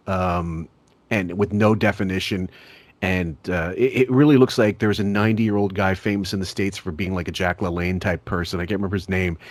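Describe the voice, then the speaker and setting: A man's voice: low-pitched, no room sound. Crude, rambling man hosting a podcast. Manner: crude, rambling, laughs often. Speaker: podcast host. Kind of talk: casual comedic commentary.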